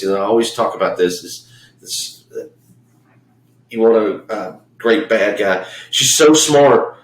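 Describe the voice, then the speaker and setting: Blunt, profane man in an echoey room. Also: on the low side. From Memphis, US South. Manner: blunt, profane, rambling with restarts. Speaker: podcast co-host. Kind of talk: casual profane film chat.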